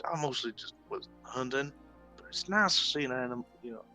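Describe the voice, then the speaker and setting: A man's voice: mid-range voice, a little fast, pushed and bright, faint music behind. A man playing a tabletop game, rambling and often apologizing and correcting himself. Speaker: player. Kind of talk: casual tabletop play.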